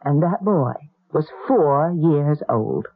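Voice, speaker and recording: An actress playing a brisk, matter-of-fact woman in a 1970s radio drama, with a husky, low voice. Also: lively intonation, full character voice. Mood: explaining. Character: brisk, practical woman of the household. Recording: lo-fi old radio broadcast.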